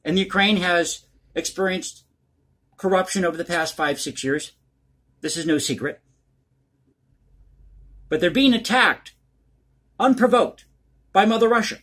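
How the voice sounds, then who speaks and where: Male commentary host with a high, husky voice, blunt and crass in his opinions. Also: measured pace, long pauses, fairly bright tone.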